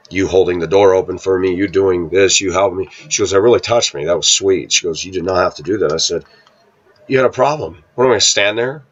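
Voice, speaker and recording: A man talking casually to his viewers, telling a rambling personal story and often clearing his throat. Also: low-pitched, fairly bright tone, muffled recording. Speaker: vlogger. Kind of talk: casual monologue to camera.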